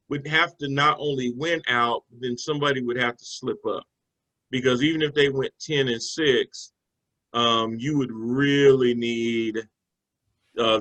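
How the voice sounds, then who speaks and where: Bright-voiced man talking football. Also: medium pitch, poor audio. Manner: conversational, loose with fillers and restarts. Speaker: sports talk show co-host. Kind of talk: casual sports analysis chat.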